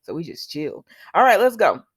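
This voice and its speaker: A woman with a husky, lowish voice talks a little fast as she hosts a casual soap opera recap vlog. Chatty and informal, she speaks straight to her viewers and tells the story animatedly, acting out the characters' lines.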